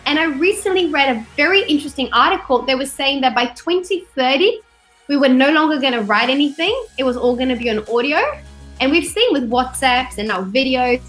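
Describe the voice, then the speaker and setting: Over a video call, a webinar host who studied in Australia but isn't from there speaks fairly quickly in a high-pitched voice. She's chatty and animated, frequently acting out quotes, with soft background music behind her.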